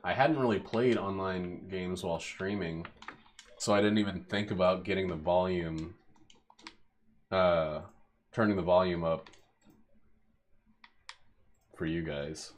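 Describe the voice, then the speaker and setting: A man's voice: deep voice, fairly even intonation, unhurried, pauses often, slight background noise. A young man streaming a game, rambling and joking profanely as he plays. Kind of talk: casual gameplay commentary.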